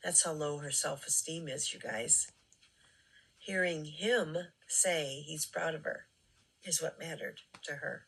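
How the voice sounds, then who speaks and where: Slow, gravelly-voiced woman commentator. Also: sits low, fairly bright tone, rough recording. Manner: sarcastic, critical, pauses with fillers. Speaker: commentary channel host. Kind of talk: critical commentary on clips.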